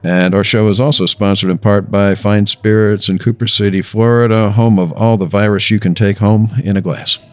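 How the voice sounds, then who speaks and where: A man hosting a casual drinks podcast, joking and rambling with filler pauses. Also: lowish voice, steady tone, no room sound. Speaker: podcast host.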